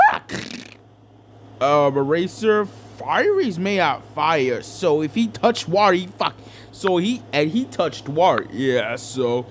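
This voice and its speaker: A man's voice: a little high, slight background noise. A young man doing an improvised comedic fan dub, rambling and crude with lots of fillers. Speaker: fan dubber.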